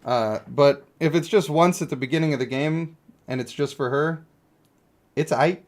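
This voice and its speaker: A man's voice: fairly high pitch, normal speed. A young man streaming a mobile game, rambling and joking as he thinks aloud about characters. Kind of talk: casual live-stream commentary.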